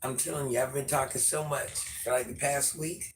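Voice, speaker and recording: A woman with a naturally deep voice, hoarse and losing it, chatting casually with viewers on a live stream and greeting them by name. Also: steady tone, a little fast. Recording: noisy background hiss.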